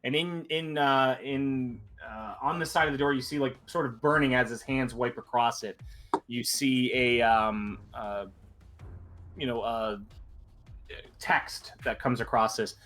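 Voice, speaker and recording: Bright-voiced man running a tabletop game. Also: medium pitch, fairly even intonation, faint music behind. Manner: halting, filler-heavy narration. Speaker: dungeon master.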